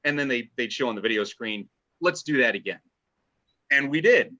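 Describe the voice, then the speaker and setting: Bright-voiced enthusiastic man, lo-fi audio. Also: mid-range voice, animated, moderate pace. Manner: enthusiastic, rambling with restarts. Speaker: podcast guest, fan writer. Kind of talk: casual podcast chat. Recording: dull lo-fi audio.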